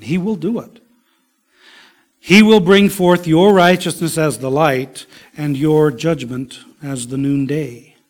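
Male pastor, fairly high voice, slow, emphatic sermon delivery. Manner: slow, emphatic preaching, dropping to soft whispers.

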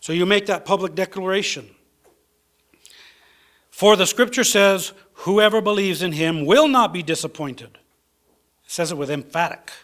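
A man preaches a sermon in a church, his voice sitting slightly higher than most men's. He reads scripture aloud, stops for fillers, then drives his key points home by saying them twice. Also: moderate pace, long pauses, fairly bright tone. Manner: preaches with rising emphasis, repeats key phrases. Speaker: pastor.

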